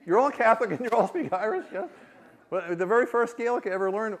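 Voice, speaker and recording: A man's voice: high-pitched, fast. A man, an author giving a reading, telling humorous stories to a live audience, laughing often and joking with the crowd. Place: university reading before an audience.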